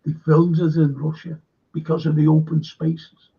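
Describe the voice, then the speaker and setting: A man's voice: on the high side, completely flat delivery, moderate pace, gravelly, breathy edge. A man telling a rambling anecdote in casual chat, acting out the quoted lines with gusto. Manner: rambling storyteller, acts out quotes animatedly. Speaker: show co-host. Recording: dull lo-fi sound.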